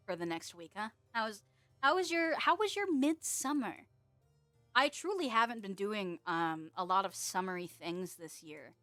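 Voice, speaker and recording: A woman's voice: medium pitch, sharp tone, no room sound. Giggly rambling young woman streamer. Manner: giggly, rambling, swears casually. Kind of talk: casual chat stream.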